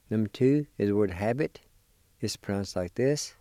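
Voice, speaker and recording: A radio language lesson led by a man. He speaks in a low, warm, unhurried voice, spelling each word letter by letter. The sound is close and dry, and he cheers his listeners on. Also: no echo. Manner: slow, careful spelling and pronouncing of words; encouraging toward listeners. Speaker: language teacher and show host.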